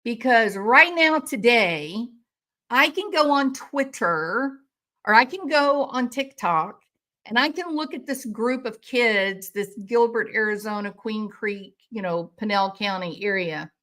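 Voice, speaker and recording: A woman's voice: on the high side, lively intonation, a little slow, sharp tone. A woman commenting on a crime case, angry and indignant, with sarcastic rhetorical questions. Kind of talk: impassioned commentary.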